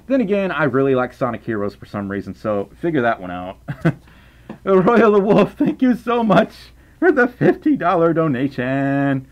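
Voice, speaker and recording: A man with a softened Southern US accent, reading donations on a live stream in casual chat, rambling, stammering over repeated words, and laughing often. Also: on the high side, very animated, moderate pace, muffled recording. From Southern United States.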